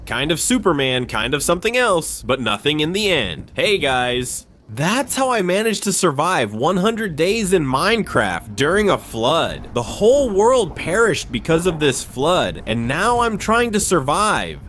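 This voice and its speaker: A man hosting a gaming channel, giving excitable, jumpy play-by-play commentary on a survival game. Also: fairly high pitch, a little slow, hardly any pauses, a little hiss or hum.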